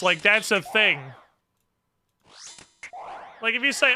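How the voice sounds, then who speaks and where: Sardonic streamer guy, high bright voice, mutters between rants while playing. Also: lively intonation, measured pace, long pauses, a little hiss or hum. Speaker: game streamer. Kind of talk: casual live-stream chat while gaming.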